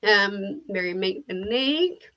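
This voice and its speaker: A woman's voice: medium pitch, animated, measured pace, sharp tone, low-quality recording. A woman with a New Zealand accent hosting a book club stream, chatting casually and telling stories with laughs. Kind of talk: casual chat.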